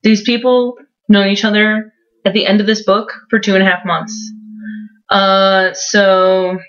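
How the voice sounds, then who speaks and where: A woman's voice: medium pitch, level tone, unhurried, a bit bright. A young woman in her twenties giving a mocking, casual book recap, full of sarcasm and "like". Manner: mocking, sarcastic, heavy use of "like". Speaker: book reviewer vlogger. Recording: dull lo-fi home recording.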